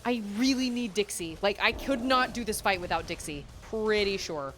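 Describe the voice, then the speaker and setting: A woman of medium pitch and moderate pace chats through a let's-play stream of a video game. She exclaims and laughs often, with game music faintly audible.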